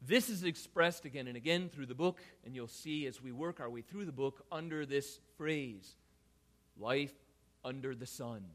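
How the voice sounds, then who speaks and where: A man preaching a sermon as pastor, swinging from loud emphatic lines to quiet low asides and building points through repeated phrases. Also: moderate pace, few pauses.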